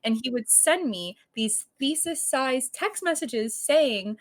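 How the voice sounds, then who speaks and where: A young woman co-hosting a podcast, telling a story in casual chat, full of fillers and cursing, acting out quoted lines loudly. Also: high voice, slow pace. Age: young adult. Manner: animated storytelling, heavy filler "like", frequent cursing; acts out quoted lines in raised louder voice. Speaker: podcast co-host.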